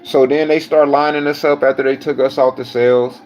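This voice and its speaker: A man's voice: medium pitch, level tone, fairly quick, darkish tone, faint music behind. Profane man telling a jail story. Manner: blunt, swears constantly, acts out voices of people in the story. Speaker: storyteller recounting jail time.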